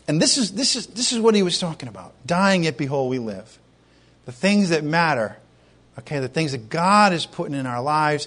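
A man preaching a sermon to his congregation, conversational and animated, often asking rhetorical questions. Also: fairly high pitch. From Irish heritage. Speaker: pastor.

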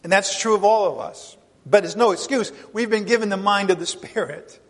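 At a moderate pace and in a high, fairly bright voice, a man preaches to his congregation. As pastor, he's emphatic and full of rhetorical questions, and the sound carries a long reverb tail.

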